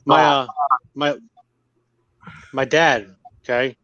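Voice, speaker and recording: A man's voice: medium pitch, takes it slowly, no echo, muffled recording. A man chatting casually with friends, telling a story with fillers and quoted lines. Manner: relaxed storyteller, quotes people, small fillers. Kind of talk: casual chat.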